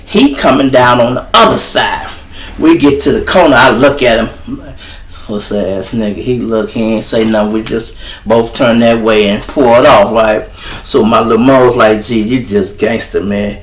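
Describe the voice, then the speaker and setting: Profane storyteller, mid-pitched man. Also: normal speed, slight background noise. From Chicago. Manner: profane, boastful, talks straight to the audience. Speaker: show host. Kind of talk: casual storytelling.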